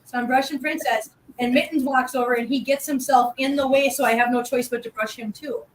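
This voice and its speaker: High-voiced woman cooing at her cats. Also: steady tone, a little fast, a little hiss or hum. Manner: coos baby talk at her cats, laughs often. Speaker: host. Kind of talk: casual live-stream chat.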